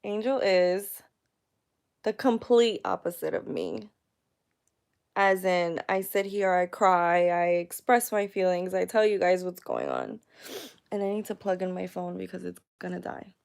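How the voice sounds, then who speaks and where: A woman in her thirties talks openly to her followers in a personal vlog at home, emotional and chatty. Her voice has a gravelly fry, yet the words come out smooth and clear. She speaks slowly, taking her time. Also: on the low side, animated, darkish tone. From United States. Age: 30s. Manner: candid, emotional, chatty with many fillers. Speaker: vlogger. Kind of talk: personal vlog talking to viewers.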